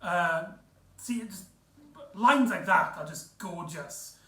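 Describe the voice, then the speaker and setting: A man's voice: sits high, slow pace, bright, forceful tone. A man recapping an episode in a casual, rambling way, full of fillers and restarts. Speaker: reviewer. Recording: echoey room, off-mic.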